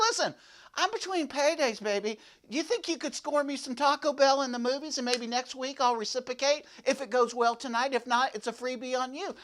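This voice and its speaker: In a full character voice that's very high and sharp, a man plays a boastful, goofy young slacker in a comedic devotional monologue. He rambles and repeats himself to grab attention.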